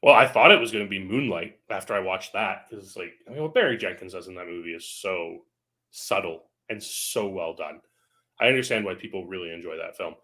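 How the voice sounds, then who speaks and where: A man's voice: low-pitched, lively intonation, fairly quick, bright, forceful tone. A man co-hosting a casual film podcast, gushing with enthusiasm and leaning on fillers like "like.". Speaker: podcast co-host. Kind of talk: casual chat.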